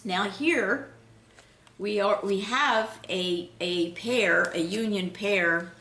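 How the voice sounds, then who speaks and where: A woman giving an unscripted spiritual tarot reading in a gentle, flowing way, pausing with fillers and restarts. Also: mid-range voice, reverberant. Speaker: intuitive tarot reader.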